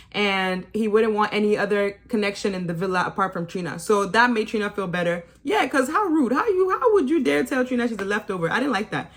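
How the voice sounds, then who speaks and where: A woman's voice: medium pitch, animated, brisk, hardly any pauses. A woman recapping a reality show in a casual, opinionated way, teasing and laughing often and mimicking people in sarcastic asides. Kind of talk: casual episode review.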